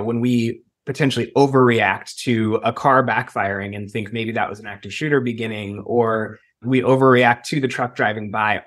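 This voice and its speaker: A man from the United States answering interview questions as an emergency preparedness expert, measured with emphatic bursts. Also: medium pitch, fairly bright tone.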